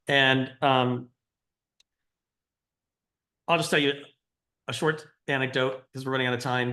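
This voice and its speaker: Bright-voiced male lecturer, conversational. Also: mid-range voice. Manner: explanatory, anecdotal, quizzes the audience. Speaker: cardiology lecturer.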